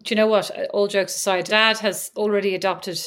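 A woman's voice: mid-range voice, steady tone, fairly quick, fairly bright tone. A woman co-hosts a podcast and rambles through her own stories. Her talk is loose and casual, with plenty of asides. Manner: rambling, storytelling. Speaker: podcast co-host. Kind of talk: casual chat.

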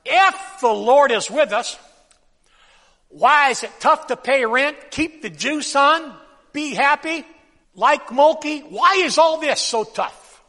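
A man preaching a sermon, swinging from loud bursts to hushed drops and having the congregation repeat phrases after him. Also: very high-pitched, takes it slowly. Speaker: pastor. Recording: long hall reverb.

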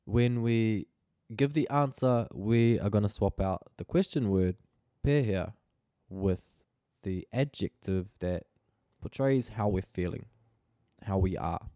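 A man's voice: lowish voice, slow, long pauses, dark tone, no room sound, studio quality. A man teaching a Māori language lesson, explaining phrases patiently and pronouncing them carefully.

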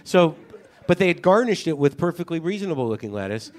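A man's voice: on the high side, sing-song, fast talker. A man hosting a podcast, telling an exasperated, profane story in a casual comedic monologue. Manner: ranting, profane, incredulous storytelling. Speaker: podcast host.

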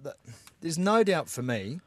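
A man with a New Zealand accent, co-hosting a casual rugby podcast and giving animated, opinionated analysis. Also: fairly high pitch, unhurried, no room sound. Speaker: podcast co-host.

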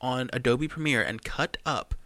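A man's voice: medium pitch, normal speed, pushed and bright, dry recording. A young man from the United States co-hosting a podcast, ranting sarcastically in casual chat. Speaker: podcast co-host.

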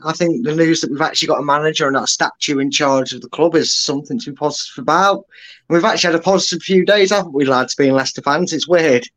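Male co-host, slightly high voice, self-deprecating banter, video-call sound. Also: fast, fairly bright tone, low-quality recording. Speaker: podcast co-host. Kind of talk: casual chat.

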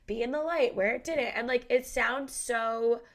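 A woman's voice: on the high side, measured pace. A young woman hosting a podcast in casual chat, congested from a head cold, bubbly and gushing with lots of "like". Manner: bubbly, gushing, heavy use of "like". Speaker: podcast host.

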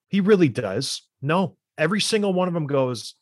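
A man's voice: on the high side, very animated, normal speed, no room sound, clean studio sound. Fired-up man hosting a podcast. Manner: fired-up, emphatic ranting. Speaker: podcast host, former hockey player. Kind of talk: casual chat and ad read.

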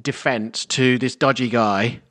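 A man's voice: mid-range voice, fairly even intonation, a little slow, fairly bright tone. A man co-hosting a casual film podcast, explaining plot points at length with some hedging. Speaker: podcast co-host.

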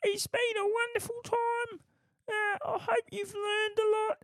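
A man putting on a high, creaky voice for a chummy little male pub regular in a podcast comic bit. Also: little pitch movement, unhurried, dry recording, exaggerated voice. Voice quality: squeaky, creaky falsetto. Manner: matey, greets everyone warmly.

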